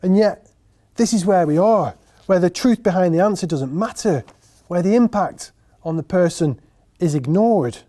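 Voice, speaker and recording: A man delivers a solo theatre monologue with a wry, sardonic edge, talking straight to his audience. His voice sits fairly high but sounds mellow and warm. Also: lively intonation, normal speed. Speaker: writer and performer.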